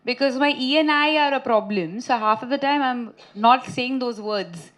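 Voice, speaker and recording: A woman's voice: sits high, moderate pace. Chatty woman telling laughing stories. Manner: chatty, laughing, animated storytelling. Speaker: actress at a press meet. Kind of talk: casual anecdotes to reporters.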